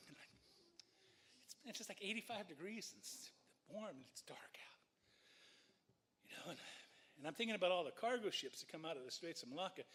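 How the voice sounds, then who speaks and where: A man telling a personal story at a live story slam, animated and conversational, with frequent swearing. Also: high voice.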